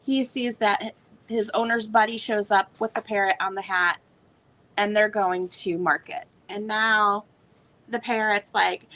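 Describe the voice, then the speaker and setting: A woman's voice: medium pitch, steady tone, a little slow, bright, forceful tone, poor audio. A woman selling old books on a live stream, talking in a chatty, rambling way. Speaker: online book seller. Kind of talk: casual live sale chat.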